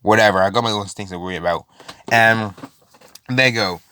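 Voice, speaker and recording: A man's voice: fairly low pitch, moderate pace, pushed and bright, clean tone, no room sound, studio quality. A man casually retelling a fan story, rambling with many fillers.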